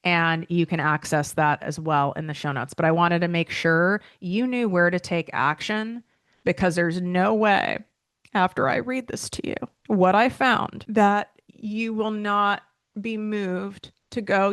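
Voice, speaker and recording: Speaking at an unhurried pace, this podcast host and business coach chats emotionally on her solo show, using plenty of fillers and sounding near tears. Her lowish voice is a bit bright and clean, with fairly even intonation and clean studio sound free of echo.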